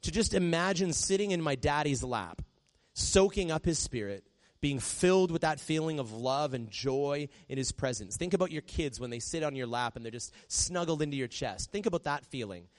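A man preaching a sermon in a conversational way, often dropping to a soft hush when he quotes a prayer. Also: a little high, animated, normal speed. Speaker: pastor.

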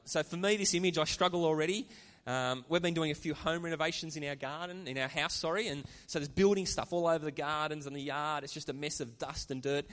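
A man's voice: fairly high pitch, fairly bright tone, in a large hall. A man preaching a sermon as pastor, earnest and conversational, with chatty asides to the congregation. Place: church.

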